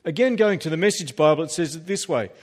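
A man's voice: a little high, animated, quick pace, a little mellow. A man preaching a sermon as pastor, emphatic and peppered with humorous asides. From Australia. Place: church hall. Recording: reverberant church hall.

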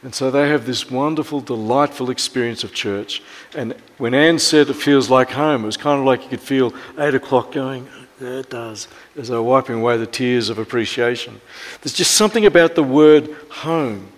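Australian pastor preaching in a reverberant church. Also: male voice, medium pitch, moderate pace. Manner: storytelling, often dropping to a soft hush. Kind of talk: sermon.

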